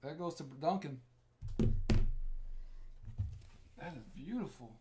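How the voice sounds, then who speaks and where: An excitable host giving live commentary while opening sports cards, exclaiming over the pulls. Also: medium pitch, slow pace, heavy background noise. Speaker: sports card break host. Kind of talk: live card-break commentary.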